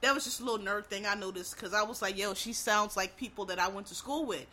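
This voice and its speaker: Bright-voiced talker with a Philadelphia accent. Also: mid-range voice, quick pace, poor audio. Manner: rambling, profane, addresses audience as y'all. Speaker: vlogger. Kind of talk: casual monologue to viewers.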